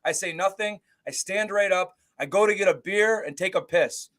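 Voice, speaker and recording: A man co-hosting a sports talk show, recounting his game day in a loose, animated way and swearing freely. His speaking voice sits high for a man. He tells it casually, as a story to his co-host. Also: normal speed. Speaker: podcast co-host.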